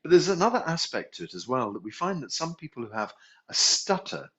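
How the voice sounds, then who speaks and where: A man's voice: fairly high pitch, sing-song, brisk, a bit bright. A man teaching a healing class, musing aloud, correcting himself and chuckling as he goes. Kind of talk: relaxed spoken class instruction. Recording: dull lo-fi recording.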